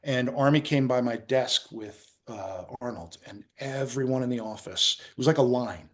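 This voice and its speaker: A middle-aged man from New Jersey, a guest in a casual interview, tells animated anecdotes and acts out quotes, with frequent restarts. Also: medium pitch, moderate pace. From New Jersey, USA.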